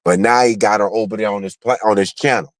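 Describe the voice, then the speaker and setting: A man's voice: on the low side, fairly even intonation, fast talker, dry recording. A man on a livestream in heated, profane chat, bluntly calling out a rival.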